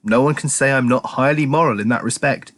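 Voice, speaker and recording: A man voicing a smug talking tomcat who is always quick to excuse himself in a storybook reading. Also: medium pitch, fairly bright tone, pitched above the performer's own voice, natural voice. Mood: self-justifying. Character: smug talking tomcat, male, adult, self-justifying.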